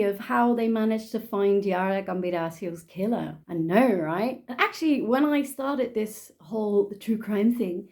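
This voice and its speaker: Dutch woman, mellow voice, chatty, sarcastic, casual true crime storyteller. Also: medium pitch, unhurried, few pauses. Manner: chatty, sarcastic asides, frequent laughs.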